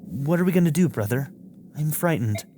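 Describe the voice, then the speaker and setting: A man's voice: fairly high pitch, lively intonation, normal speed, a little hiss or hum, lightly acted. A man doing a frightened young girl. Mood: tender. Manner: soft, pleading.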